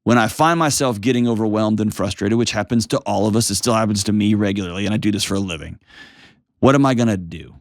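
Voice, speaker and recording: Forties guy hosting an advice show, calm and reassuring, lowish voice, dead dry studio sound. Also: fast talker, dry recording. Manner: calm, reassuring, emphatic coaching. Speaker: host.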